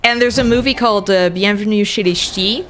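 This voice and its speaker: A woman's voice: mid-range voice, brisk, fairly bright tone, slight background noise. French-born woman, native french speaker, giggly game streamer, casual chat. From northern France. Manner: giggly, laughs often.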